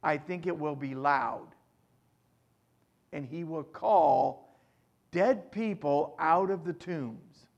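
A man preaching a sermon, swinging between loud emphatic lines and quiet asides as he reads and explains scripture. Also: fairly high pitch, slow, gravelly, pauses often, lo-fi sound. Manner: reads scripture aloud with rising force. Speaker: pastor.

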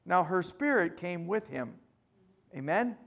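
Slow gravelly high-voiced preacher man. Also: lively intonation, lo-fi sound. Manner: preaching with strong swings between loud emphasis and quiet asides; reads scripture aloud with rising force. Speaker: pastor. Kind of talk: sermon.

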